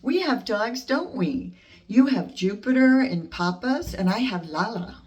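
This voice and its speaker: Older woman as a grandmother reading to a baby: unhurried and gentle, sing-song, set back from the mic. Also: mid-range voice, lively intonation, recorded from a distance. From United States. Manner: slow, gentle, sing-song storytime voice with asides. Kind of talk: reading a picture book to a baby.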